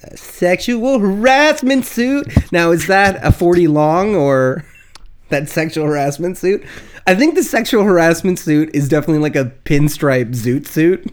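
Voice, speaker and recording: Man, podcast co-host, casual banter, wisecracking, playful, slightly high-pitched. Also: animated, unhurried, noisy background.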